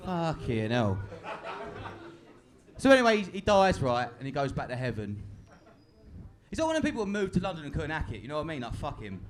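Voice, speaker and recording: A man performing crude, self-mocking stand-up on a live comedy stage, his voice sitting a little high and bouncing up and down. He laughs between lines as an audience reacts loudly around him. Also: huge pitch swings, brisk, long pauses. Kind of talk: stand-up set. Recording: live stage recording with crowd.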